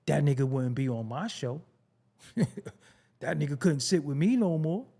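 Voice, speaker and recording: A man hosting his own show, talking bluntly in a casual commentary monologue. He swings from low mutters to high, incredulous outbursts. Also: expressive, moderate pace, vocal fry, warm tone. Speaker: show host.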